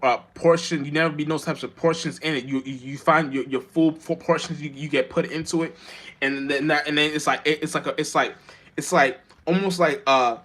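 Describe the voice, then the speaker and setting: A man, talking in a rambling, halting spiritual monologue full of restarts and slang, with sudden emphatic bursts. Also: on the high side, steady tone, fairly bright tone. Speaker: vlogger.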